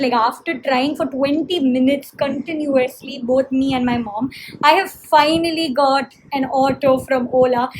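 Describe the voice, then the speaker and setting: A woman's voice: high-pitched, normal speed, a little hiss or hum, rough recording. A young woman and college student, chatting casually to her viewers in a vlog and filming on a handheld phone. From Chennai, India. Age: young adult. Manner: chatty, talks straight to viewers with fillers. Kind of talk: casual vlog talk to camera.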